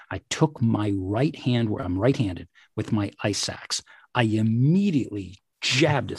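A man in an interview telling a personal story vividly, at times dropping to hushed asides. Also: mid-range voice, breathy edge, no room sound. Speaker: interview guest, teaches classes.

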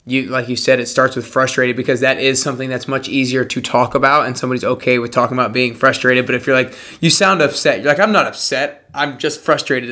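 A man's voice: mid-range voice, bright, forceful tone. A man hosting an interview, responding with engaged affirmations and follow-up questions. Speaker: podcast host. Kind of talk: conversational interview.

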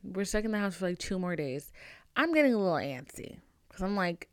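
A young woman hosts a podcast and tells a story from her own life in a brash, profane, dramatic way. Her voice is smooth and clear, with sudden swings in pitch and loudness. The sound is dry and close to the mic. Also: very animated, brisk, no echo. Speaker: podcast host. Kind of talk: casual storytelling monologue.

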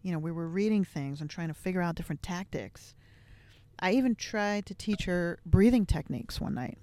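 A woman's voice: fairly low pitch, animated, moderate pace, warm tone, no room sound. A woman hosting a podcast, telling a personal family story in a candid, reflective way with many casual fillers. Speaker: podcast host.

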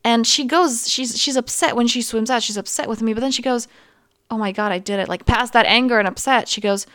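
A woman in her thirties hosting a podcast as a coach, talking gently and earnestly in a casual self-help monologue. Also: a little high, brisk, no echo, studio quality. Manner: gentle, earnest, talks through examples.

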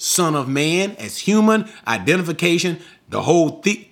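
A man's voice: fairly high pitch, fairly bright tone. A man teaching a Bible passage verse by verse, emphatic, posing rhetorical questions and answering them himself.

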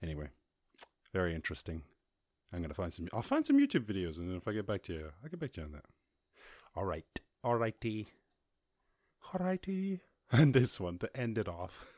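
A man hosting a casual podcast, ranting about the news in a profane, animated way, full of laughs and asides. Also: low-pitched, fast, no room sound, clean studio sound. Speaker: podcast host.

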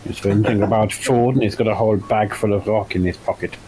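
A man's voice: lowish voice, steady tone, fairly quick, mellow, rough recording. A man playing a tabletop game, dry and teasing. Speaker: player. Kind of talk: casual tabletop game chat.

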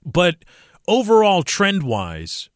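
A young adult man hosting a casual sports podcast, animated, sometimes slipping into mock commentator voices. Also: high-pitched, takes it slowly, no room sound, clean studio sound. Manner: animated, mimics commentators in a raised voice. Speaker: podcast host.

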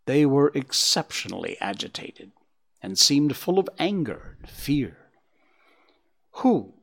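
Guy reading a storybook out loud, very lively up and down voice. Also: mid-range voice, measured pace, creaky, breathy edge. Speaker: narrator. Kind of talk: storybook narration.

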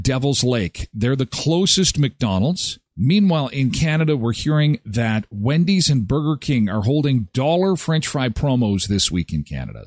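A man's voice: mid-range voice, darkish tone, dry recording. Rambly guy on a morning show, pokes fun at himself, dry mic. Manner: chatty, rambling, self-mocking. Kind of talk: casual live radio chat.

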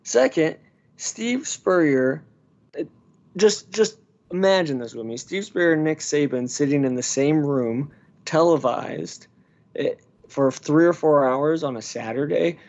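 Male podcast guest, fry in the voice, slightly high, stops and restarts a lot. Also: animated, darkish tone. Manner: rambling, halting restarts. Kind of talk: casual sports chat. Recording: dull lo-fi audio.

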